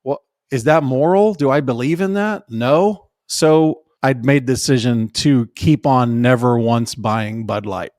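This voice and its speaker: A man's voice: medium pitch, a little slow, few pauses, darkish tone, dry recording, studio quality. A man co-hosting a casual podcast, talking with wry, eye-rolling sarcasm. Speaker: podcast co-host. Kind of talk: casual conversation.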